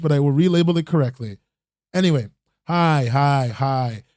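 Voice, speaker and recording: Brief: male podcast host, loose rambling livestream delivery, mellow tone, dry close sound. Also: a little high, moderate pace, dry recording. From not American. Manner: rambling, self-interrupting, swears casually. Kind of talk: casual livestream news roundup.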